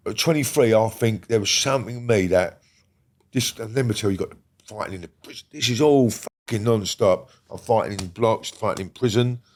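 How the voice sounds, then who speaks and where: Interview guest: man, lowish voice, blunt and rambling storyteller who swears freely. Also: fairly quick. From Britain. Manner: blunt, rambling, heavy swearing, checks in with the listener. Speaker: guest recounting a criminal past. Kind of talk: casual storytelling conversation.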